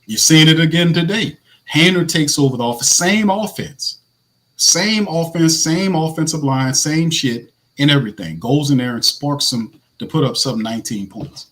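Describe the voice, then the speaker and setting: A man with a naturally raspy voice hosting casual live fan commentary, animated, blunt and slangy, laughing often. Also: medium pitch, normal speed, hardly any pauses. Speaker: host.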